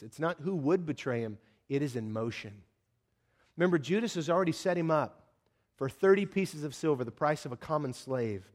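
A man preaching a sermon in a conversational style, acting out the voices of the figures in his story with sudden jumps in pitch and volume. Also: a little mellow. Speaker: pastor.

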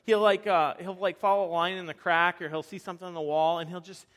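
A young male pastor with a high, bright-sounding voice preaches to a live audience. He tells animated, self-deprecating stories and restarts his sentences often. His delivery stays lively from one story to the next. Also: fast talker. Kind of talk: sermon with personal stories.

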